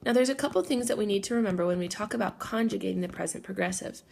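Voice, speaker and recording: Woman teacher, patient step-by-step explainer, a touch of vocal fry, mid pitch. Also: very fast, a little mellow, slight background noise. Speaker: Spanish teacher. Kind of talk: recorded classroom lesson.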